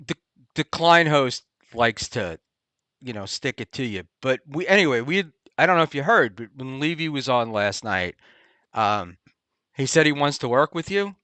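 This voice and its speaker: A man hosting a casual talk show, rambling and halting with many ums and restarts. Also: mid-range voice, lively intonation, pushed and bright, dry recording. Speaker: podcast host. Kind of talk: casual chat. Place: Hoboken area, New Jersey.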